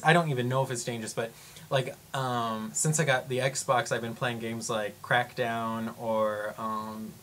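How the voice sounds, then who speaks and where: A young man vlogging, telling a story in a casual, animated way, full of fillers and acted-out gasps. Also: mid-range voice. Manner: animated, acts out gasps and quotes, lots of fillers.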